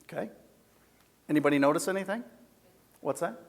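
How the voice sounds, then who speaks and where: A man in his sixties with a rather high, gravelly voice delivers a seminar talk on communication. He is lively and playful, slipping into quoted voices to make his points. His voice rings with the long reverb of a large hall. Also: brisk. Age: 60s. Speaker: communication speaker.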